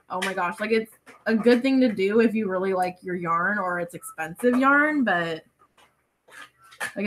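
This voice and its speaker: A woman hosting a crochet livestream from home, chatting casually with viewers, reading their comments aloud and laughing often. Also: mid-range voice. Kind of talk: casual chat with live viewers. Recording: loud clicking noise over the voice.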